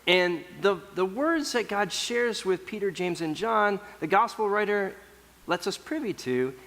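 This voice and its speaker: Guy preaching, chatty storytelling sermon, bit high voice, long church echo. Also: expressive, measured pace, a bit bright. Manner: conversational storytelling, voicing biblical figures. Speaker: pastor.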